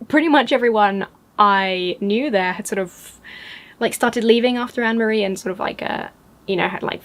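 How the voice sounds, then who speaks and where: An English woman talks straight to her viewers in a loose, chatty vlog. She gushes with excitement, her voice jumps up high, and she piles on fillers and restarts as she goes. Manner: gushing and excitable, with many fillers. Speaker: YouTuber. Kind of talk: casual chat.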